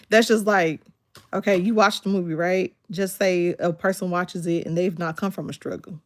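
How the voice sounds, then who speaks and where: A woman, chatting casually on a livestream and retelling a movie with lively acted-out quotes. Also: fairly low pitch, no echo. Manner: animated storytelling, acts out quotes with laughter. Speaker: livestream host.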